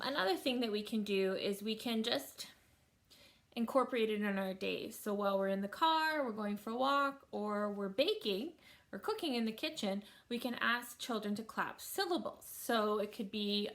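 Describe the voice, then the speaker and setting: A woman's voice: mid-range voice, fairly bright tone. A woman teacher giving a recorded lesson to families, patiently sounding out words syllable by syllable.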